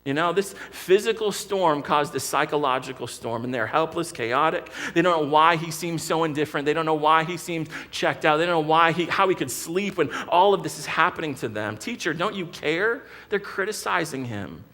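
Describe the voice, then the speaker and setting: American guy preaching, bright edgy voice, keeps restarting lines, earnest and vivid. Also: fairly high pitch, a little fast, hardly any pauses. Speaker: pastor. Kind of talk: sermon.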